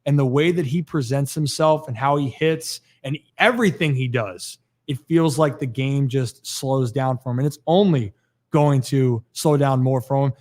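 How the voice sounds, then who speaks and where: A man's voice: mid-range voice, moderate pace, darkish tone. A man hosting a sports talk livestream, chatty and rambling, out of breath at the end of a long day. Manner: chatty, rambling with restarts and fillers. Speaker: podcast host. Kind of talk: casual sign-off of a sports livestream.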